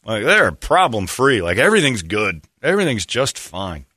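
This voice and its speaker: Animated, sarcastic comic man. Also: on the low side, normal speed, breathy edge, no echo, studio quality. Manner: rambling, sarcastic, animated, slips into mock voices. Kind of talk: comedic casual chat.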